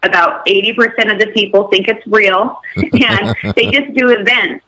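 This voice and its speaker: A woman's voice: mid-range voice, fairly even intonation, moderate pace, pushed and bright, low-quality recording. A woman guest on a radio show, telling her story in an upbeat, chatty way. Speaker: guest, hotel owner. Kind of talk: radio interview.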